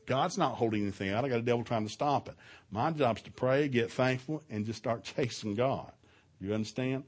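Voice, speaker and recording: A middle-aged man giving a preaching talk at a marriage seminar in a church, telling stories with lively shouted quotes and frequent chuckles. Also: mid-range voice, brisk. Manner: animated storytelling, shouts out quoted lines, chuckles often. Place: church hall, live session.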